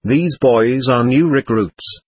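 A man voicing an anxious, frightened army sergeant, speaking slowly with a husky voice. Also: medium pitch, no room sound.

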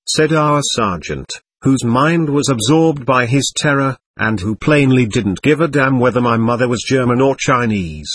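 A man with a husky voice reading a first-person war memoir aloud, in measured storytelling. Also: medium pitch, lively intonation, no room sound. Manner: measured storytelling, voicing the soldiers lightly. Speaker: audiobook narrator.

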